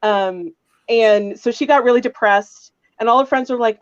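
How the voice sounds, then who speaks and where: A woman's voice: a little high, moderate pace, no room sound, dull audio. A woman on a roundtable panel, telling a rambling, chatty story about her tabletop game.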